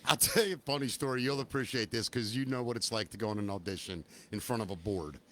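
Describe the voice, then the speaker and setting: A man hosting a podcast in casual chat, an animated, joking storyteller. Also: lowish voice, fast. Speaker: podcast host.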